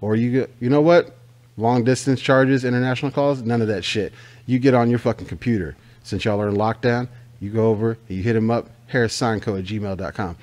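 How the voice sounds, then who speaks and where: A man's voice: mid-range voice, fairly even intonation, fairly quick, a little mellow. An American man hosting a casual comedy podcast, swearing freely and riffing like a pushy salesman. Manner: profane, riffing, mock-salesman energy. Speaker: podcast host.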